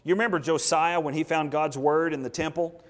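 A pastor preaching to his congregation, moving from folksy anecdotes to emphatic, drawn-out scripture readings. His voice sits a bit high for a man. The sound carries a long reverb from the church hall. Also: fairly even intonation. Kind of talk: sermon.

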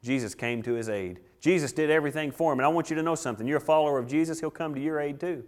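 A male pastor delivers an animated sermon. His voice sits a little higher than most men's. He acts out quotes as he preaches. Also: very fast.

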